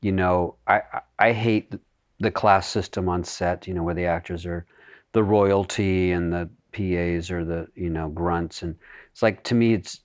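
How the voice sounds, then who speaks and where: A man with a fairly low voice, chatting as a guest in a podcast interview. He talks in an animated way and breaks into laughs often. The sound is dry and close, with no room echo. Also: moderate pace. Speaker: actor, guest.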